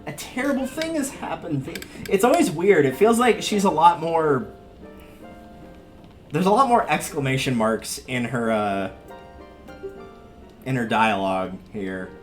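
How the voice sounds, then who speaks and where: A man's voice: mid-range voice, a little slow, pauses often, soft background music. Chatty, wry man streaming a game. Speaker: livestreamer. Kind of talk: casual gameplay commentary.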